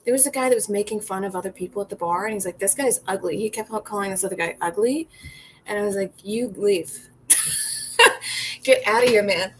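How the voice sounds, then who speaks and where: A woman's voice: medium pitch, brisk, a bit bright, poor audio. Woman on a casual livestream, chatty, laughs a lot, swears freely, faint background hiss. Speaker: bartender and comedian hosting a livestream.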